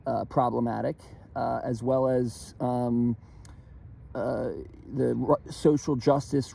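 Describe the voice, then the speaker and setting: A young man from Philadelphia rants in a loose, profane way, full of ums and restarts. His voice is dark and gravelly, with a husky edge that cracks up high when he gets worked up. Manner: profane, animated, rambling with many fillers. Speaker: vlogger. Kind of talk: casual rant to camera.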